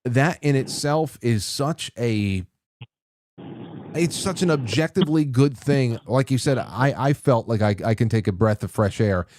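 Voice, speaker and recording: A man's voice: mid-range voice, lively intonation, a little slow, darkish tone, no room sound. A man hosting a casual call-in talk show, rambling with frequent restarts and chuckles. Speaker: radio call-in host.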